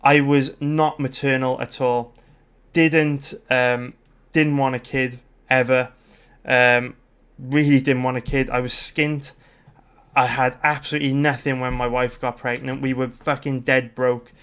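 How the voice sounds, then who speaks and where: A man's voice: mid-range voice, flat delivery, unhurried, fairly bright tone, smooth. A British man in his thirties hosting a livestream, talking casually in a rambling way, swearing freely and full of fillers and restarts. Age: 30s. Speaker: livestream host.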